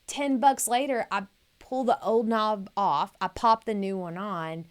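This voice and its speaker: A woman in her thirties co-hosting a casual podcast, talking in an animated, enthusiastic way with quick asides. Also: medium pitch. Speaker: podcast co-host. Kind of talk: casual chat.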